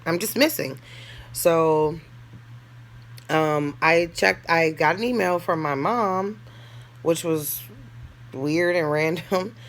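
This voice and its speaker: Here a female storyteller vlogger speaks slowly in a low voice, leaving long pauses. Her casual storytime monologue about her own life is candid and blunt, heavy on slang and swearing, with occasional laughter and acted-out lines from others.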